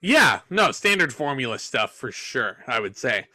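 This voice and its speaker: A man's voice: mid-range voice, big pitch swings, a little slow, pushed and bright, no echo. A man hosting a podcast, reviewing a wrestling show in a casual, chatty, joking and sometimes sarcastic way. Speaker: podcast host.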